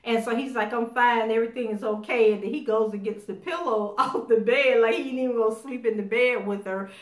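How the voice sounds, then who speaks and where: A woman giving a casual spoken recap of a TV episode, animated as she acts out the characters' lines. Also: on the high side, a little fast. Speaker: TV show recapper. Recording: roomy echo.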